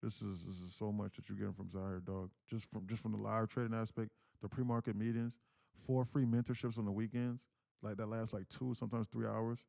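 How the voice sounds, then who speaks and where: A man's voice: on the low side, little pitch movement, brisk, creaky, dark tone. Male streamer host, casual slangy delivery, loops back on phrases, insistent coach energy. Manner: slangy, repeats himself, keeps calling out "guys, listen". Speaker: day-trading livestream host. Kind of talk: casual live-stream talk to viewers.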